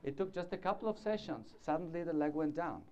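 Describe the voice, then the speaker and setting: A fast-talking man with a rather high, darkish, animated voice, carrying a little hiss or hum, lectures on orthodontics before a live conference audience. He speaks discursively, demonstrates with gestures and checks in with the hall, on a dull lo-fi 1990s recording.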